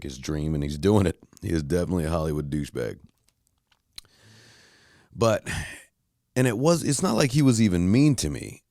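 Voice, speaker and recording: Low-voiced man ranting profanely. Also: a little mellow, no room sound, clean studio sound. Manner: profane, blunt, heated storytelling. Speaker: podcast host. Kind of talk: casual monologue rant.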